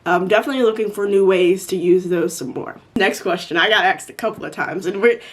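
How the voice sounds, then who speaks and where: A woman's voice: mid-range voice, fairly quick. A woman in her twenties answering viewer questions in a casual, rambling chat full of fillers like "like" and "um". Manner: chatty, rambling with many "like" and "um".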